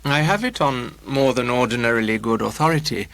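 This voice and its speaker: A man playing a booming, pompous painter. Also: pushed and bright, dry recording. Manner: grand, measured, drawling. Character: pompous bearded male painter, booming, self-important.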